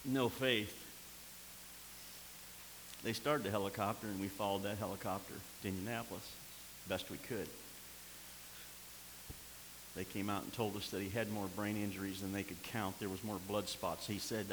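Older preacher with ringing hall echo. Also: male voice, fairly low pitch, steady tone, moderate pace, pauses often. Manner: impassioned, rising to near-shouts then dropping to quiet storytelling. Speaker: pastor. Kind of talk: sermon. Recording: long hall reverb with faint hiss.

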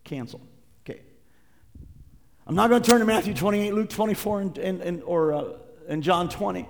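Impassioned preaching man, higher voice. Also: normal speed, gravelly, pauses often, in a large hall, crowd noise. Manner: impassioned, swinging from loud preaching to hushed reading. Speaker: pastor. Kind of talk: sermon.

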